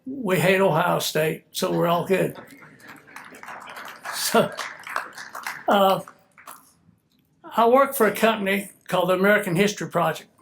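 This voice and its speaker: A man's voice: high voice, measured pace, creaky, pauses often, fairly bright tone, a little hiss or hum. An older man with a Southern US accent, a retired military officer giving an easygoing, joking speech at an event while a little stuffy and congested. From Georgia, US.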